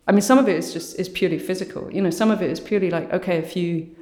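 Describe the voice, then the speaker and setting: A woman artist with a low voice, speaking thoughtfully as an interview guest and often saying "you know" and "sort of". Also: racing, darkish tone. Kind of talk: reflective conversational interview. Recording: roomy echo.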